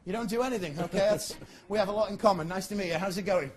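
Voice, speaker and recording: A man from England with an English accent, doing a stand-up comedy magic act and joking with the audience in a dry, deadpan way. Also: sits high, fast talker.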